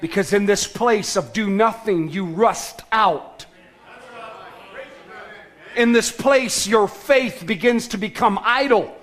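A man preaching a sermon as pastor, emphatic, with shouted calls to action and sudden soft, low passages. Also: takes it slowly.

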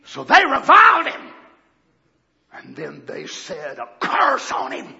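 A male preacher delivering a fiery sermon, moving from quiet explanation to shouting. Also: very high-pitched, huge pitch swings, takes it slowly, gravelly, highs cut off.

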